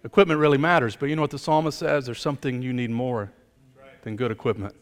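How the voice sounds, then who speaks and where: A man's voice: steady tone, quick pace, clear, resonant tone. Preaching man in a reverberant hall. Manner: emphatic preaching, building up and then dropping low. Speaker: pastor. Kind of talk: sermon.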